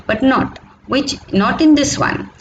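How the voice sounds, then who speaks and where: A woman teaching a grammar lesson in a patient, explanatory way. She repeats key points and keeps checking that her students follow. The recording carries a clear hiss of background noise. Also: high voice, slow, poor audio.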